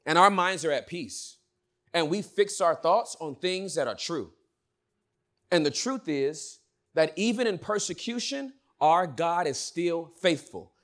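Animated preacher with wide swings. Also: male voice, fairly high pitch. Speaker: pastor. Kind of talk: sermon.

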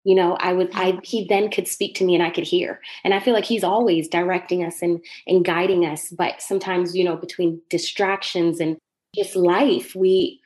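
A woman's voice: on the low side, fairly even intonation, moderate pace, darkish tone. A young woman from Jamaica with a Jamaican accent and a slight Southern drawl, sharing her faith testimony as a podcast guest and laughing often between phrases. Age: young adult.

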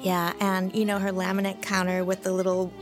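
A woman co-hosting a food podcast, telling stories in a lively, casual way. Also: mid-range voice, a little fast, music in the background. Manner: storytelling, animated. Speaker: podcast co-host, magazine editor.

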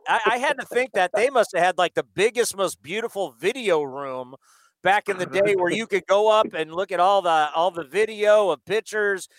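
A man's voice: high-pitched, normal speed, no room sound. A man co-hosting a sports radio show, musing in a rambling, hesitant way. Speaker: radio co-host. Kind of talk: casual sports radio chat.

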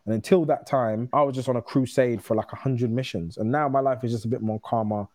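Candid man, mellow low voice. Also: fairly even intonation, no room sound. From United Kingdom. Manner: candid, storytelling, quick restarts. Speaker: guest. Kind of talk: casual conversation.

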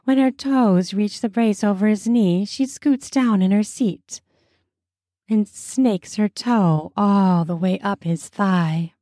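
Slow, mellow woman narrating a story. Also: medium pitch, no room sound, clean studio sound. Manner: slow, soft and intimate. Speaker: storyteller and host.

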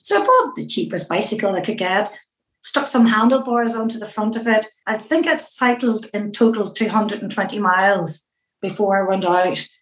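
A middle-aged Northern Irish woman tells stories in an interview in a lively, chatty way, with lots of "kind of" and "you know" fillers. Her voice sits in a medium pitch for a woman. It echoes around a roomy space. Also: moderate pace. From Northern Ireland. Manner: lively storyteller who acts out her own past remarks, with many fillers. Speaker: interview guest. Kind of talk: anecdotal interview storytelling.

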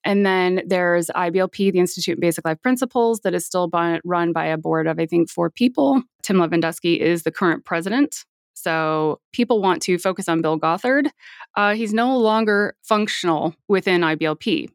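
A woman's voice: on the low side, moderate pace, smooth, dry recording, studio quality. A woman speaking as a podcast guest in a casual interview, earnest and at times dryly sarcastic.

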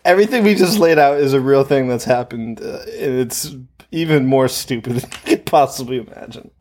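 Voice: mid-range voice, moderate pace, a little mellow, slight background noise. A podcast co-host recapping a movie in casual chat, wry and often laughing.

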